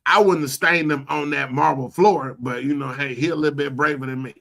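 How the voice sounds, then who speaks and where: A man hosting a casual live stream from a home computer setup, talking about side businesses in an animated, incredulous way with lots of restarts. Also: on the high side, a little fast, creaky. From Florida. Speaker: host.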